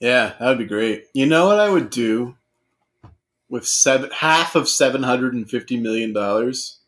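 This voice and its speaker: A man co-hosting a comedy podcast, joking through deadpan asides and banter. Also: medium pitch, moderate pace. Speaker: podcast co-host.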